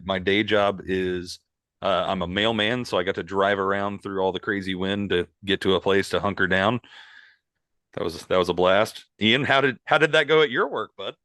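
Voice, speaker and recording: Man, podcast co-host, joking, bright forceful tone, dry close sound. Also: on the low side, no room sound. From Southern Indiana. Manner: upbeat, joking, quick to laugh. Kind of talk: casual podcast chat.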